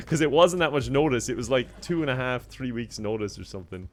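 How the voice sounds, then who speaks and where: A man's voice: medium pitch, animated, brisk, faint music behind. Laid-back Irish man streaming. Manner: laid-back, reads out and thanks chat messages, laughs often. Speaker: game streamer. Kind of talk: casual live-stream chat.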